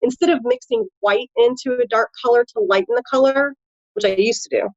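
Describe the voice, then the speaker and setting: A woman's voice: a little high, a little fast, no room sound, muffled recording. A woman with a Midwestern American accent, a tattoo artist and nurse, talking casually in an interview with lots of fillers. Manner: chatty, animated, frequent fillers.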